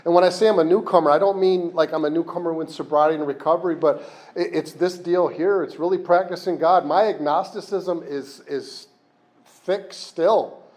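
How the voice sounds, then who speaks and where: A man's voice: a little high, fairly even intonation, normal speed, darkish tone. A man speaking at a recovery meeting, candid and self-deprecating, rambling with frequent restarts, in a meeting room.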